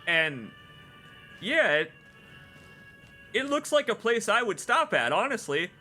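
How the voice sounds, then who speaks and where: A man with a high, bright voice that jumps around a lot, reacting to a video game as he plays it. He talks unhurriedly and reads the in-game notes aloud. Faint game music plays underneath. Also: slow. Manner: animated, exclaims and laughs loudly at in-game jokes. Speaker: streamer playing a video game. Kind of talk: casual let's-play commentary.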